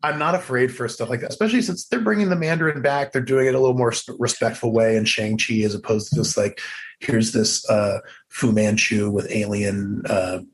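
A young man chatting loosely about movies, full of fillers and restarts, with a mid-range voice and an easy laugh. He rambles from point to point in a relaxed conversational way. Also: mid-range voice, fairly quick. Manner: rambling, full of fillers, laughs often, acts out quoted lines. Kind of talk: casual chat about movies and TV.

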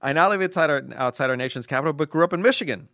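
A man's voice: on the high side, very fast, a bit bright, no room sound. Dry-voiced man reading listener letters. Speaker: podcast co-host reading listener mail. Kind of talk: casual chat, reading letters aloud.

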